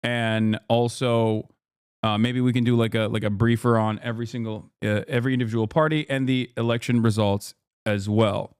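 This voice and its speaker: Smooth-voiced man hosting a stream. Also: mid-range voice, steady tone, moderate pace, a little mellow, no echo, studio quality. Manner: rambling, many fillers and restarts. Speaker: streamer host. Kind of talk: casual live-stream interview.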